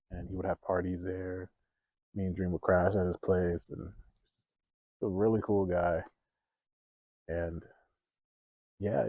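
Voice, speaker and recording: A young man telling stories from his life in a casual vlog, animated, laughing and growing loud when excited. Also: sits low, no room sound, phone-quality sound. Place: outdoors.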